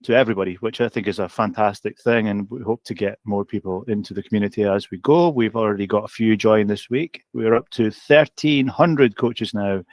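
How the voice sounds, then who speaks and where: A man's voice: fairly low pitch, fairly quick, hardly any pauses, darkish tone, no room sound. Upbeat man hosting, dry sound. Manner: upbeat, often addresses co-host by name. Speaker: co-host of a coaching community update. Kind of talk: casual promotional chat.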